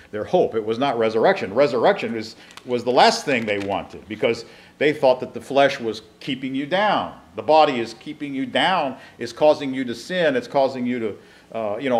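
A man teaching a Bible class, reading scripture aloud and then explaining it, with frequent restarts. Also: medium pitch.

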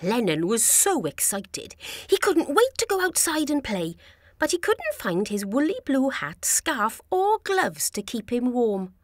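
Slow singsong woman reading to small kids. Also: on the high side, big pitch swings, dry recording. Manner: warm singsong, addresses children directly. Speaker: children's show presenter. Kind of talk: slow, expressive preschool storytelling.

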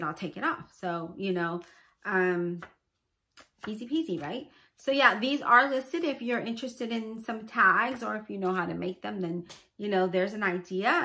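A woman's voice: medium pitch, sharp tone. A middle-aged woman chatting casually about her handmade crafts, rambling and enthusiastic with lots of fillers. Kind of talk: casual chat.

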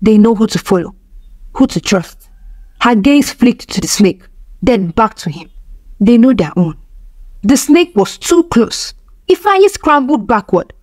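A woman telling a dark folk tale in steady, dramatic scripted narration. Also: a little high, no room sound. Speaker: storyteller.

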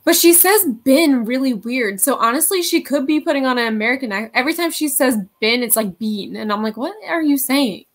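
A woman chatting casually over a video call as host of a live reading sprint, animated, swearing and laughing often. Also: sits high, quick pace, hardly any pauses. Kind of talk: casual chat.

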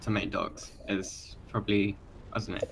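A man's voice: lowish voice, little pitch movement, normal speed, creaky, background noise. A man on voice chat, hesitantly working out game numbers. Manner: hesitant, unsure. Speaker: player on voice chat. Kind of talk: casual gaming chat.

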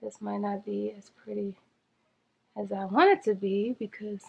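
A woman chatting to viewers in a casual makeup challenge vlog, flustered and rushing against a timer. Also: mid-range voice, fairly even intonation, vocal fry, breathy edge, narrow, tinny audio. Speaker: beauty vlogger.

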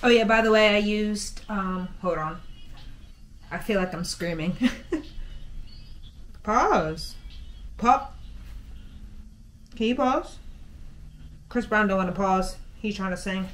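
A woman's voice: medium pitch, slow pace, pauses often. A woman vlogging casually while grooming her dog, chatting to her viewers and her pet. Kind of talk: casual chat to camera. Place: inside a converted bus.

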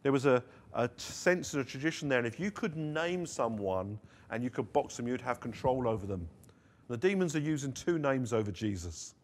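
Male pastor, mid-pitched voice, earnest sermon delivery with emphatic quotes. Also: animated, normal speed, slight background noise. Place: church service streamed online.

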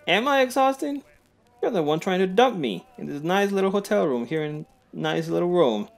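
A man's voice: high-pitched, expressive, normal speed, gravelly, voice pushed up. A man voicing a flamboyant male adventurer, theatrical and flirtatious, who calls everyone darling. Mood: wounded, indignant.

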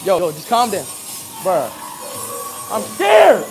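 A man's voice: high voice, huge pitch swings, takes it slowly, over music. A young man streaming a haunted house walk, panicky, swearing and yelping in fright.

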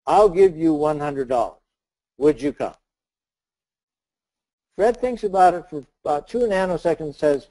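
In a roughly recorded webinar, a man with a fairly high, lively voice gives a motivational talk at a moderate pace, leaving long pauses. He tells a story scenario, acting out its dialogue and even shouting some of the lines.

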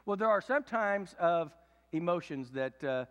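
A man in his fifties preaching a sermon, swinging from loud emphatic preaching to low confiding tones. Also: lively intonation, unhurried, clear, resonant tone, in a large hall, dull audio. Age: 50s. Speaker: pastor. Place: church sanctuary.

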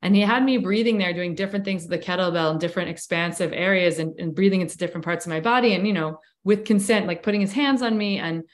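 A woman's voice: on the low side, fast talker, few pauses. Candid woman telling a personal story. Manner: candid, reflective, frequent "like" fillers. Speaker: breathwork coach and podcast guest. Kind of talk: conversational storytelling.

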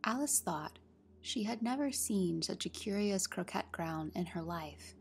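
A woman narrating a classic children's story in soft, half-whispered tones. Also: mid-range voice, expressive, a little slow, slight background noise. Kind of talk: storybook reading. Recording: soft music under the reading.

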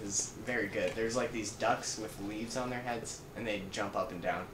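A man's voice: lowish voice, fairly even intonation, normal speed. Young man, podcast guest, rambling casual chat, echoey room, audible hiss. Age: young adult. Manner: chatty and rambling, many likes and ums.

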